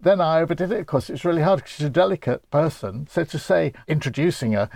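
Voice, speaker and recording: A man's voice: fairly high pitch, animated, quick pace, creaky, a little mellow, dry recording. A man in casual chat, wry and chuckling through his remarks.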